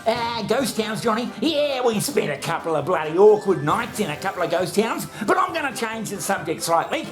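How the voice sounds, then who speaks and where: A man's voice: high voice, sing-song, normal speed, over music. A man hosting a comedy show, bantering crudely with himself, swearing and laughing at his own jokes. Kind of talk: comic monologue, bantering with himself.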